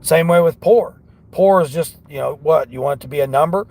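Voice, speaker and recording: A man's voice: fairly high pitch, a little fast, vocal fry, a little mellow. A man vlogging from his car on delivery runs, talking in an earnest, rambling, motivational way. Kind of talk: casual talk while driving.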